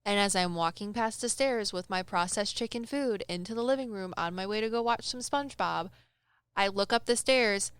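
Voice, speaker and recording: A young woman casually telling a personal story on a podcast, animated and acting out the people she quotes. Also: medium pitch, moderate pace, clear, resonant tone, no room sound. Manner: animated, acts out quoted voices, laughs often. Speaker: medium telling stories on a podcast.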